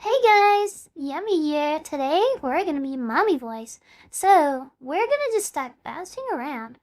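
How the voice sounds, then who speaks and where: A young woman puts on a teasing, bossy "mommy" character for a stream bit, pushing her voice lower than usual. The voice stays fairly high even so, and is more playful than truly commanding. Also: a little slow. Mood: mock bossy. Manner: mock-commanding, then flustered. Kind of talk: comic put-on voice on a stream.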